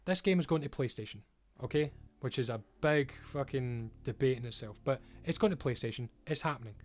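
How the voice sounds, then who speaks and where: A man's voice: mid-range voice, fairly quick, a little mellow. A man giving an emphatic, frustrated rant as a video creator, swearing often. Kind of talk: ranting commentary.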